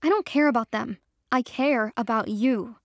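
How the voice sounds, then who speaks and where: A woman voicing a fiercely loyal young best friend who is quick to anger, in a dry audio drama reading. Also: fairly high pitch, no room sound, lightly acted. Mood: fiercely protective. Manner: indignant, raised and quick to anger.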